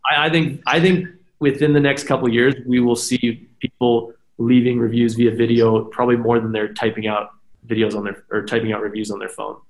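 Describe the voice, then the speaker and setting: Speaking fairly quickly with a medium-pitched voice, a man appears as a guest on a laid-back podcast. His manner is lively as he works through long explanations full of "right?" asides, all captured with a roomy, echoing sound.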